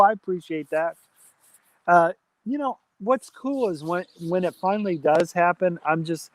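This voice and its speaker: A man's voice: on the high side, dry recording. Chatty man, dry close sound. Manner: chatty, reads chat aloud, friendly shout-outs. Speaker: live-stream host. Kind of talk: casual live-stream chat. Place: outdoors at a campfire.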